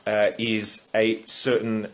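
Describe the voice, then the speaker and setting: A man's voice: on the low side, completely flat delivery, slow, fairly bright tone, a little hiss or hum. A man talking through political views in a casual monologue, restarting and correcting himself often. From Australia. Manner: rambling, many restarts and self-corrections. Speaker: YouTube commentator.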